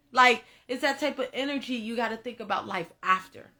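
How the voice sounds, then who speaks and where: A young woman reads tarot in a casual spiritual monologue, addressing her viewers directly with emphatic, repetitive, heavily profane talk, tearful at moments. Her voice is fairly high, brisk, pushed and bright.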